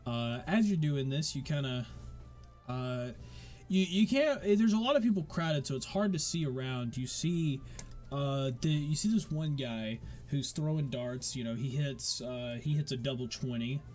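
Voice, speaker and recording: A man's voice: medium pitch, expressive, normal speed, darkish tone, soft background music. A man narrating a tabletop game as game master, rambling with many fillers.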